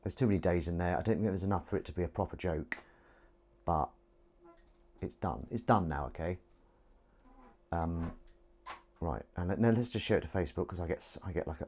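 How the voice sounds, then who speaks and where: A deep, slightly husky man talks on his own stream, half to himself and half to his viewers. He rambles and mocks his own phrasing, chatty and unpolished. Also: a little mellow. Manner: rambling, self-mocking, talks to himself while setting up. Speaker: livestream host. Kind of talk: casual solo livestream chat.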